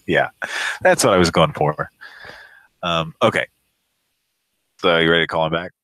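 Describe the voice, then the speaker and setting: Deep-voiced man in loose profane banter. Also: lively intonation, a little slow, fairly bright tone, no echo, low-quality recording. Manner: rambling, profane, laughs often. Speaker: prank call show host. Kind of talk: casual live-show banter.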